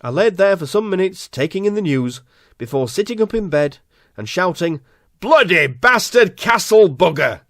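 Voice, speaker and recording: Deadpan Yorkshire man telling a tall tale. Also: high-pitched, normal speed, no echo. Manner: dry, mock-earnest storytelling. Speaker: comedy podcast narrator. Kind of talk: deadpan absurd comic monologue.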